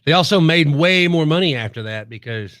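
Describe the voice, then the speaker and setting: A man's voice: on the high side, expressive, brisk, fairly bright tone, no echo. A man co-hosting a casual radio show from a studio, joking and telling news stories in a self-deprecating way. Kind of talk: casual morning radio banter. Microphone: studio mic.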